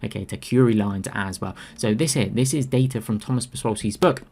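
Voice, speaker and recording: A man's voice: on the low side, brisk, darkish tone. A man presenting a trading lesson over slides, emphatic and prone to repeating key phrases for stress. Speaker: trading educator. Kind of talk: screen-share presentation.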